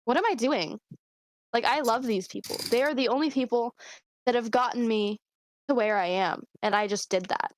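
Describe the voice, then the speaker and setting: A woman's voice: on the high side, normal speed. A young woman co-hosting a podcast, talking openly and at length in a rambling, candid way, with frequent swearing. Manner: open, rambling, emotional confiding with frequent swearing. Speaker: podcast co-host. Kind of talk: casual chat.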